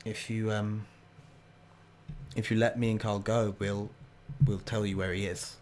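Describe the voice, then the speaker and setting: A man voicing a weary middle-aged woman who pleads in a halting, hesitant way. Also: lowish voice, level tone, a little mellow, a little hiss or hum, lightly acted. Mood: pleading. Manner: hesitant, halting, repeats words.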